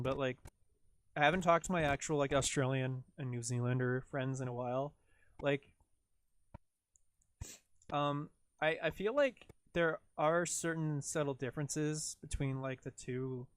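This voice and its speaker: A man with a Canadian accent chatting casually on a livestream while he edits video, rambling, full of "like" fillers and talking to himself as he works. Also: a little high.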